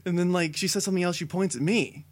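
A young man co-hosting a casual podcast, telling a long story with many fillers that builds to excited shouting. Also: high voice, fast. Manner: rambling tall tale, building to excited shouting. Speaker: podcast co-host.

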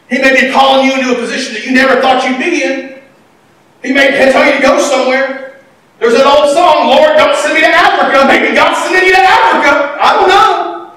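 A man preaching a sermon, animated, swinging between loud and quiet. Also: very high-pitched. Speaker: pastor. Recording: echoey hall, mic at a distance.

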